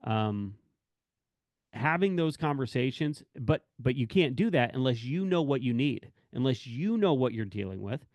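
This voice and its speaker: With an expressive, darkish medium-pitched voice at a normal pace and no echo, a corrections officer talks to staff. He speaks candidly about his work and family, rambling, correcting himself and acting out snippets of conversation.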